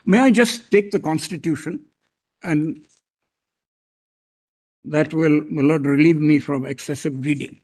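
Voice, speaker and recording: An older advocate makes his case before a bench of judges. His voice sits high for a man. He speaks in a formal, deferential way and returns again and again to "my lord.". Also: a little mellow. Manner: formal and deferential, repeatedly saying "my lord", with pauses and restarts. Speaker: senior advocate arguing before a court. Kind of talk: courtroom oral argument.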